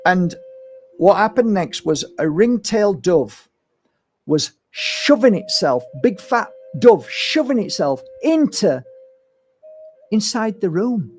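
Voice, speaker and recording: A middle-aged man, an energy healer talking to his audience in a casual, animated monologue, sometimes swearing and acting out what people said. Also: sits high, slow pace, soft background music. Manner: animated storytelling, swears, acts out voices. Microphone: streaming setup.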